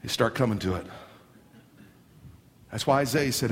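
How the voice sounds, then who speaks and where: A man preaching a sermon dramatically, swinging from hushed lines to near shouts. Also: medium pitch, normal speed, long pauses. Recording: long hall reverb.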